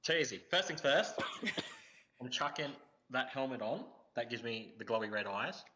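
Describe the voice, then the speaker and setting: Bright-voiced Australian man. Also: mid-range voice, expressive, moderate pace, rough recording. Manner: eager, describes his moves. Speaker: player. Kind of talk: casual tabletop play.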